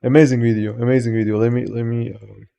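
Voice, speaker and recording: A man with a Persian accent chats loosely on a live stream. He greets his viewers one by one and jokes and swears casually. His voice is warm and mellow, with a natural, mid-range pitch. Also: level tone, quick pace, vocal fry. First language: Farsi.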